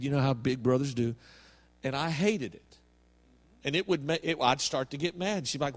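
A man's voice: medium pitch, normal speed, long pauses. A middle-aged male pastor preaching a sermon in a folksy, humorous storytelling way.

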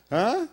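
An older man preaching, telling a story with animated acted-out dialogue and laughter. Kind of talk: sermon storytelling.

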